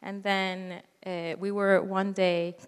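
A woman's voice: mid-range voice, flat delivery, smooth. Earnest woman in a reverberant hall. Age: 30s. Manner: earnest, halting, with frequent restarts. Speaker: speaker giving a testimony. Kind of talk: personal faith testimony.

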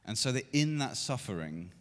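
A man in his thirties preaching a sermon to a church meeting, building to loud, emphatic repeated lines. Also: medium pitch, big pitch swings, moderate pace. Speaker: pastor. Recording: long hall reverb.

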